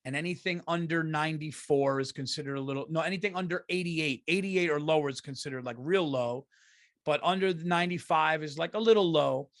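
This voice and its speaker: A man hosting a comedy podcast, telling a story in an exasperated, profane and animated way and acting out what people said. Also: fairly high pitch, a little fast, no echo, studio quality. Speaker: podcast host.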